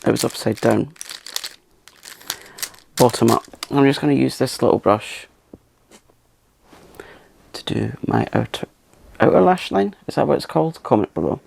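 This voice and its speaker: Gravelly man, soft-spoken makeup chat. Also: mid-range voice, very animated, normal speed, pauses often. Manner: chatty, self-mocking, drifts into whispers. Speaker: makeup channel host.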